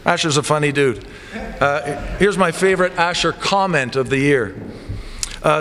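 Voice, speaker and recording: A male coach telling animated stories to a school assembly, his fairly high voice carrying through a church. A long reverb hangs on every word, over faint ambience. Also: moderate pace, noisy background. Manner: animated storytelling with comic voices. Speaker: basketball coach. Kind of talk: assembly speech.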